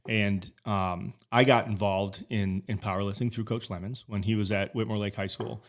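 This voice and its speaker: A man's voice: fairly low pitch, steady tone, moderate pace. A man in his forties talking casually as a podcast guest, rambling and swearing, with many restarts. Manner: rambling, profane, frequent restarts. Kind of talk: casual conversation.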